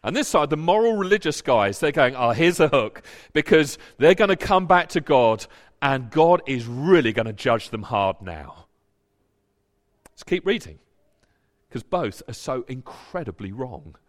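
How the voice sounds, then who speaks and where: A man preaching a sermon and reading scripture, animated, often repeating words as he builds a point. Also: mid-range voice, a little slow. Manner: animated, repeats words when stirred, acts out quoted voices. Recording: long hall reverb.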